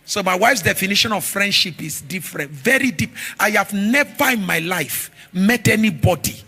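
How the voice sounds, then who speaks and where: Animated pastor, bright tone. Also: male voice, high voice, normal speed, husky. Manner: animated storytelling, shifting from shouts to murmurs. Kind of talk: sermon.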